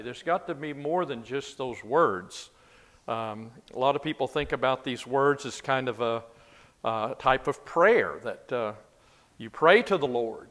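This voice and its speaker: A man teaching a Bible class in a relaxed, conversational way, asking his listeners questions as he goes. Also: medium pitch. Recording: long reverb of a large room.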